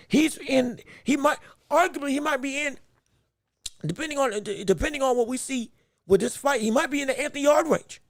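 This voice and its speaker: This boxing podcast host calls a fight live in a very high voice with a gravelly rasp, captured close and dry without any room sound. His commentary rambles and stammers, and he keeps fixing his own sentences halfway through.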